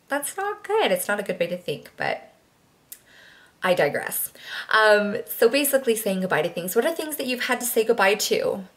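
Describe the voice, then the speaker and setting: A woman's voice: medium pitch, big pitch swings, fairly quick. A young woman chatting casually to camera, rambling with lots of fillers and restarts. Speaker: vlogger.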